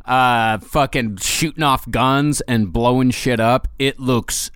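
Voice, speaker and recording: A man co-hosting a podcast in casual chat, animated and swearing often. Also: medium pitch, slow, smooth, no room sound, studio quality. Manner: animated, swears a lot, drawls quoted lines. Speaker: podcast co-host.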